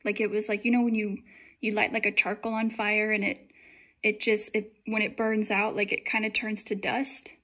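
A woman's voice: mid-range voice, level tone, moderate pace, a bit bright. A young woman telling a dream in casual testimony, chatty and full of fillers. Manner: chatty, many likes and fillers.

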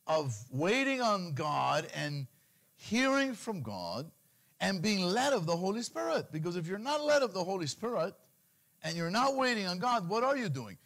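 A middle-aged man preaching a sermon, switching into pleading cries as he mimics worried believers. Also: moderate pace. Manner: animated preaching, mimics anxious pleas in a higher voice. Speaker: pastor.

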